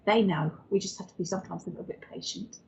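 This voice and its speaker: A woman's voice: on the low side, fast, gravelly. A woman co-hosting a live psychic medium show, chatting and giving readings, calling viewers darling and lovey. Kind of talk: live spiritual reading and chat. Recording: dull lo-fi livestream audio.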